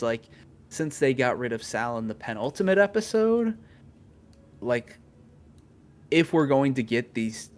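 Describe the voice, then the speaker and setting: A young man co-hosting a podcast, talking through his thoughts in a casual, thoughtful way with lots of fillers. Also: mid-range voice. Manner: thoughtful, many fillers and restarts. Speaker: podcast co-host. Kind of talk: casual chat.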